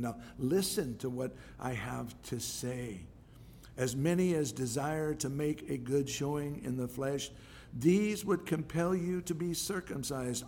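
A man preaching a sermon in a conversational way, growing emphatic and loud when he drives a point home. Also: on the high side, slight background noise. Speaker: pastor.

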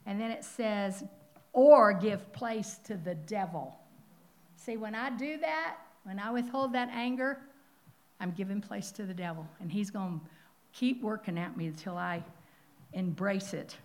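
An older woman teaching a Bible lesson, animated and storytelling, dropping to whispers and rising to exclamations. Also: medium pitch, normal speed. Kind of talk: sermon.

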